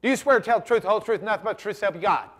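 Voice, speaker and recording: A gruff small-town judge with a Texan drawl barks his questions loudly, as a man telling a story puts him on. He sounds impatient and exasperated, and his pitch is raised well above a normal speaking voice. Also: rapid-fire.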